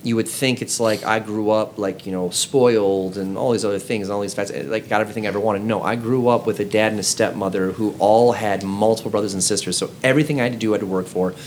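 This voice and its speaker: A man's voice: fairly low pitch, steady tone, quick pace, few pauses, darkish tone, a little hiss or hum. A man co-hosting a casual podcast among friends, telling stories earnestly and acting out the lines he quotes. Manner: earnest storytelling, acting out scenes in quoted voices. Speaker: podcast co-host.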